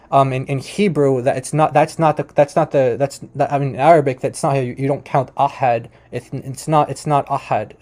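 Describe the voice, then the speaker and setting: Mellow-voiced man explaining patiently. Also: medium pitch. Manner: explanatory, correcting points patiently. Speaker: host. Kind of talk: commentary on a video.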